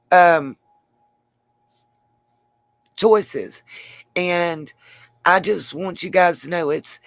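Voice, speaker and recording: Lady streamer with a gravelly voice, rambly, talks back to the chat, dry close sound. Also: lowish voice, no room sound. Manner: rambling, addresses viewers by name, frequent restarts. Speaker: channel host. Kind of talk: casual livestream talk answering chat.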